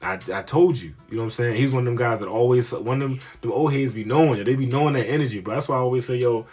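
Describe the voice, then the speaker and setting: A comedian telling a story in a rambling, profane, slang-heavy way. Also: male voice, medium pitch, very fast, darkish tone, husky, faint music behind. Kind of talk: casual storytelling monologue.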